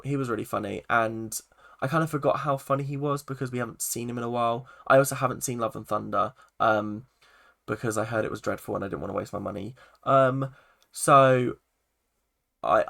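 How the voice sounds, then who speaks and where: A young film and TV reviewer with a medium-pitched, gravelly, slightly bright voice casually reviews a TV episode. He rambles, leaning on "like" constantly and correcting himself as he goes.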